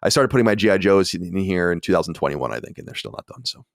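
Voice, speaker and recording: A man's voice: low-pitched, animated, very fast, vocal fry, no echo, clean studio sound. A man in his late thirties or forties hosting a podcast, chatting in a casual, self-deprecating way. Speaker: podcast host. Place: home studio.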